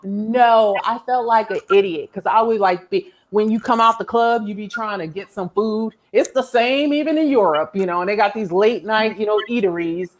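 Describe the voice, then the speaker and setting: Woman from the US, casual storyteller, lively and laughing, jumps up high for punchlines. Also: moderate pace, few pauses. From United States. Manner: animated, laughs often, mimics herself in quotes.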